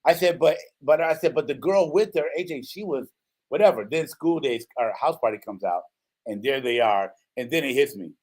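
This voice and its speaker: Animated man telling a story. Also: medium pitch, normal speed. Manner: animated storyteller, acts out quotes, says "right?" often. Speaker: host. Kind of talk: casual storytelling chat.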